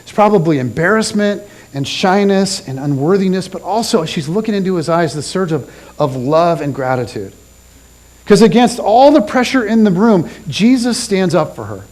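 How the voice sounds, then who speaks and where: Animated high-voiced male preacher. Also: moderate pace, low-quality recording. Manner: animated storytelling, drops low and soft for quotes. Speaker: pastor. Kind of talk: sermon. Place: church.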